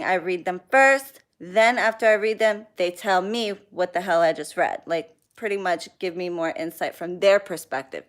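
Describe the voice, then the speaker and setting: Blunt woman venting on a livestream. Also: mid-range voice. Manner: blunt, venting, reads out viewer names and swears freely. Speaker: spiritual practitioner hosting a livestream. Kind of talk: casual livestream chat.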